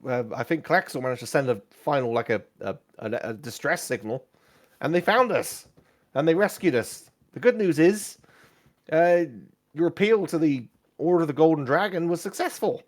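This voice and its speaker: A man voicing an excitable male friend of the adventuring party, who talks eagerly but falters with fillers. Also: on the high side, normal speed, pitched above the performer's own voice, close to an everyday voice. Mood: rattled.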